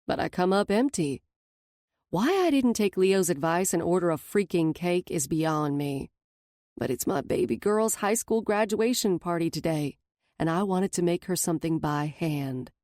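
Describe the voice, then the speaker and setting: A woman's voice: fairly low pitch, lively intonation, normal speed, a little mellow, no room sound, studio quality. A woman narrating a first-person romance audiobook in a wry, lightly sarcastic manner.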